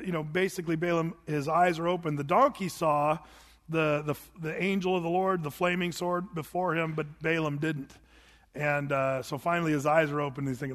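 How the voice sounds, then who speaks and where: A man's voice: on the high side, big-room sound. A man preaching a casual sermon, reading scripture and retelling a Bible story in a folksy way with many restarts.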